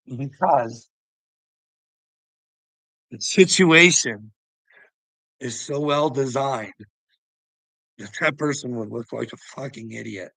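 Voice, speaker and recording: A man's voice: medium pitch, a little slow, vocal fry, no echo, poor audio. A man angrily telling a story about a run-in with police, swearing heavily and sounding agitated. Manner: profane, agitated, heavy swearing. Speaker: vlogger telling a personal story. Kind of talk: angry storytelling rant.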